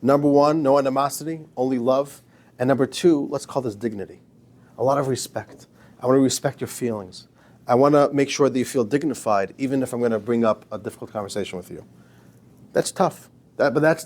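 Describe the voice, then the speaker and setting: A man's voice: medium pitch, a little fast, a little mellow. A man, a rabbi, giving an informal, emphatic lecture to a class, joking with his students.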